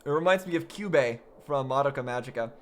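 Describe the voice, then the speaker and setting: A man's voice: medium pitch, fast. A man playing a story game blind for the first time, thinking aloud and restarting his sentences as he puzzles things out. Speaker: gaming video host. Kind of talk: blind playthrough commentary.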